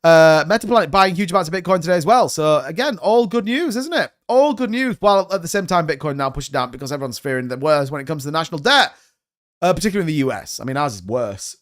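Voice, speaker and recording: A man hosts a live stream, giving loose, rambling market commentary. His voice sits a little high, and he hedges and wanders as he chats. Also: animated, fast. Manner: rambling, hedging, chatty. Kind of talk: casual crypto market commentary.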